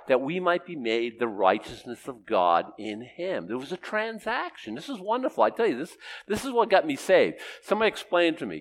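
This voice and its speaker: An older man, a pastor, preaching a sermon with animated emphasis that swings between loud declarations and hushed, quiet passages. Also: on the high side, moderate pace, few pauses.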